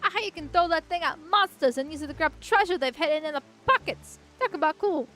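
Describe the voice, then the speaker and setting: A woman's voice: very high-pitched, animated, moderate pace, bright, forceful tone, pitched above the performer's own voice, full character voice. A woman voicing a chatty male fish who hands out island tips in a brash, slangy way.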